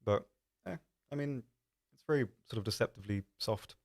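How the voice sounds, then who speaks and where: A man's voice: on the low side, fairly quick, gravelly, a little mellow. A man hosting a live stream, chatting casually in a rambling, self-deprecating way with lots of ums. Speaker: stream host.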